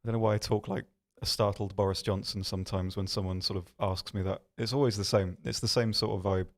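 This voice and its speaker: A man hosting a game livestream from an office, answering viewer questions in a rambling, self-deprecating way with many pauses and restarts. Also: lowish voice, steady tone. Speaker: stream host. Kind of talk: casual livestream chat reading viewer questions.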